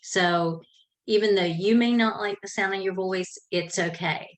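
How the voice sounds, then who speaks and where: A woman's voice: mid-range voice, unhurried, rough recording. A middle-aged woman from South Georgia with a Southern drawl, giving casual, folksy podcasting tips from her home office. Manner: chatty, self-correcting, folksy. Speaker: podcasting coach. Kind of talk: casual how-to talk. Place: home office with a fan running.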